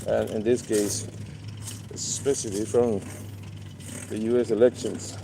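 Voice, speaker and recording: Slow, rambling man with street noise. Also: lowish voice, level tone, vocal fry, warm tone, rough recording. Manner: rambling, repeats words, many fillers. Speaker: livestream host. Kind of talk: casual live-stream monologue.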